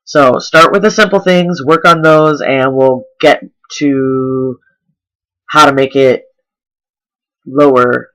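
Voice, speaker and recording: Guy talking thru voice lowering tips, bright clear tone, chatty with lots of ums. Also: fairly even intonation, slow pace, long pauses, low-quality recording. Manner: chatty, filler-heavy explaining. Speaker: voice coach vlogger. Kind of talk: casual video tutorial.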